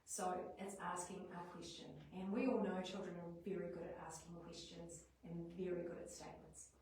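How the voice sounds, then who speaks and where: A New Zealand woman teacher talks parents through classroom writing lessons, lively and chatty. She is picked up from across a very echoey room, with faint noise underneath. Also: fairly low pitch, a little fast, distant mic. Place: school hall or classroom at a parents' evening. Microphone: livestream device at a distance.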